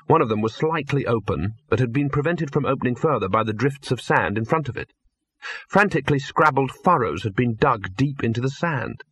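A man narrating a comic fantasy audiobook in a measured, dry storytelling manner. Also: medium pitch, fairly bright tone, breathy edge.

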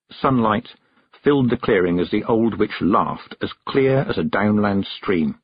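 A man narrating a storybook in an expressive, measured reading. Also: lowish voice, husky, no room sound, muffled recording. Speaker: audiobook narrator.

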